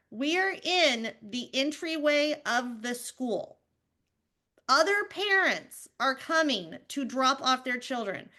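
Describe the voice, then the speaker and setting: A woman in her thirties, a podcast co-host, telling animated stories in casual chat with plenty of fillers. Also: high-pitched. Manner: animated storytelling with many fillers.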